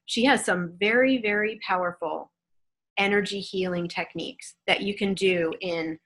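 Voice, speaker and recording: A woman hosting a live online question session over a video call, speaking in a gentle, soothing, reassuring way. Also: medium pitch, normal speed. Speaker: host.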